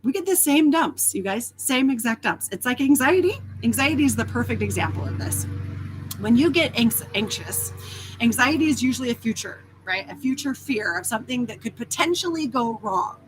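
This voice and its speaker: A woman hosting a casual spiritual talk who talks in an animated way, swears freely and acts out inner voices. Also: on the high side, moderate pace, soft background music. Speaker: host.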